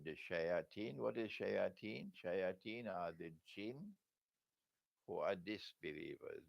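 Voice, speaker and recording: Older man, religious lecture, lively pitch, dry close sound, rhetorical questions. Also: creaky, dry recording, highs cut off. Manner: chuckles often, asks rhetorical questions. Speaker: Islamic scholar giving a Q&A lecture.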